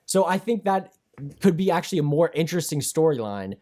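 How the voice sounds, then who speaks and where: A young man co-hosting a casual podcast, talking at length in an animated, emphatic way. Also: a little high, fairly quick. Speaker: podcast co-host.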